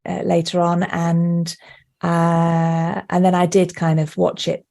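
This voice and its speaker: A woman who is an actor and director, chatting as a podcast guest over a remote call, lively and quick to laugh. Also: fairly low pitch, vocal fry. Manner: lively, laughs often, animated storytelling. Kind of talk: podcast interview chat. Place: remote call, not with the hosts.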